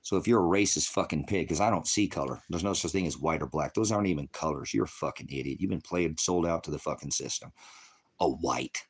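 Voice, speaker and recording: A man's voice: a bass voice, quick pace, husky. A man from Oregon, an online preacher, ranting angrily and with heavy profanity at his livestream viewers. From Oregon, USA. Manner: angry, profane, combative.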